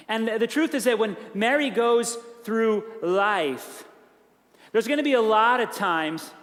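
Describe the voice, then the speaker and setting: Earnest high-voiced male pastor preaching. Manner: earnest, repetitive cadence with soft dropped phrases. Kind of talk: sermon. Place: large church sanctuary. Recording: long church reverb.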